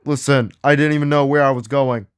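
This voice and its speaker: A man hosting an acted ghost hunt, excitable and often yelling out names. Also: medium pitch, fairly quick, clean tone, no echo, clean studio sound.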